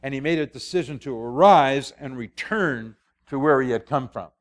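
A man's voice: mid-range voice, normal speed. An older man, a preacher, giving a conversational sermon in a folksy, storytelling way with asides.

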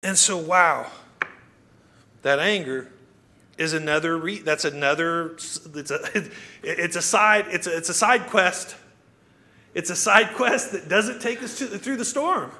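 Male pastor, higher voice, conversational sermon, asks rhetorical questions. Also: measured pace, sharp tone.

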